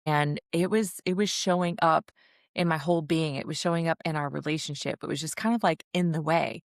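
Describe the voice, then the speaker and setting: Low-voiced woman podcast host. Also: fairly even intonation, fairly quick, dry recording, clean studio sound. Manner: conversational, hesitant, with fillers and restarts. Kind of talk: casual podcast conversation.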